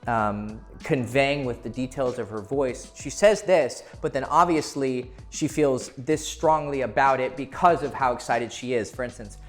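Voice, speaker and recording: A man coaching other men on dating, talking straight to camera in a loose, casual way. He swears freely and slips into little acted-out bits of dialogue. His voice sits at a middle pitch, with soft music playing faintly underneath. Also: measured pace, few pauses. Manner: blunt and profane, acting out quoted voices. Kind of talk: casual advice talk to camera.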